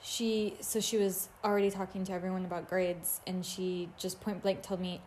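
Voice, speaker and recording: A woman's voice: on the low side, level tone, normal speed, a little mellow, a little hiss or hum. A woman co-hosting a podcast in casual chat, playful and self-mocking, laughing often. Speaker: podcast co-host.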